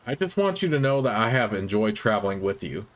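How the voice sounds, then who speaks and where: A man's voice: on the low side, very animated, fairly quick, slight background noise. A man voicing an earnest, guarded young woman scout, reading her lines in a clipped, matter-of-fact way.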